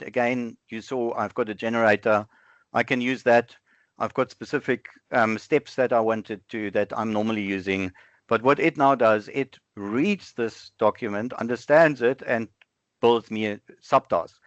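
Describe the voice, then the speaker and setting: A man presenting a live software demo over an online webinar, thinking aloud in a conversational way and often correcting himself. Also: medium pitch, dry recording. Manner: conversational, self-correcting, halting fillers. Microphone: online webinar with screen sharing. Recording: dull, dry lo-fi online call audio.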